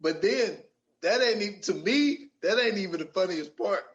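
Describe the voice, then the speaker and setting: High-voiced man retelling movie scenes. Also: moderate pace, lo-fi sound. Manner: animated retelling of scenes, laughing often. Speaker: podcast co-host. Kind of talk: casual movie-review chat.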